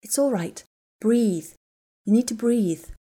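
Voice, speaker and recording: A woman reading a story aloud, voicing a calm, caring young woman who comforts a friend in a steady, soothing way. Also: fairly high pitch, slow pace, breathy edge. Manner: soothing, steady, gently urgent.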